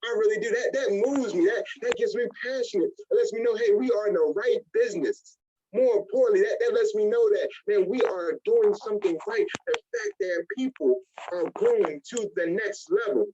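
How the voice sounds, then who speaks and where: This network marketing trainer has a high, husky voice at normal speed, recorded in lo-fi sound. Animated throughout his motivational business training, he plays out little scenes using different voices.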